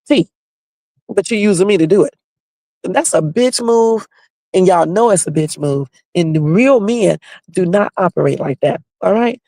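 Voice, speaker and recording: A woman's voice: lowish voice, gravelly, warm tone, dry recording. A woman hosting her own livestream, bluntly and confrontationally sounding off while talking straight to her viewers. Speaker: livestream host. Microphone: home livestream setup.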